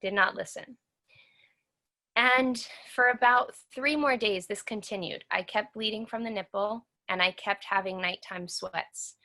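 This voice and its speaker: Her tone sharp and her pace measured, a woman in her thirties speaks in a medium pitch as an interview guest. She shares her personal story with sincerity, voicing the words others said to her.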